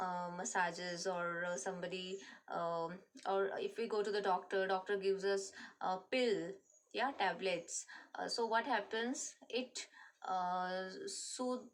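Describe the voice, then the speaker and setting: A woman teacher with an Indian English accent, explaining a reading lesson to children slowly, with many fillers. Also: mid-range voice, a bit bright. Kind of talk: online class lesson.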